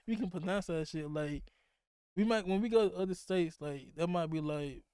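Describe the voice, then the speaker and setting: A young man from Mississippi with a country accent, rattling off his thoughts quickly in a casual podcast chat. His voice sits fairly high and sounds clean and resonant. The recording is dry and close, with no room sound. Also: darkish tone, clean tone, dry recording. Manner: fast-talking, laughs often, profane. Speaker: podcast host.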